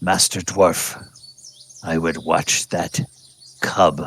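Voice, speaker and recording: A man's voice: sits low, flat delivery, extremely slow, a bit bright, breathy edge, heavily acted. A man voicing a proud old male tabaxi hunter with lofty, formal speech. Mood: wary.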